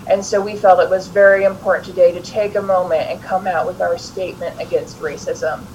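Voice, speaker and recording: Low-voiced woman hosting a talk show. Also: fairly even intonation, brisk, a little mellow, highs cut off, a little hiss or hum. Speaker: nonprofit secretary, co-host.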